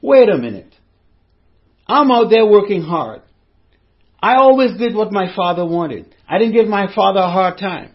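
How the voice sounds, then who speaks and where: A man's voice: sits high, expressive, moderate pace, pauses often, lo-fi sound. A man voicing a resentful grown older brother who complains indignantly in a retold parable. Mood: angry, indignant.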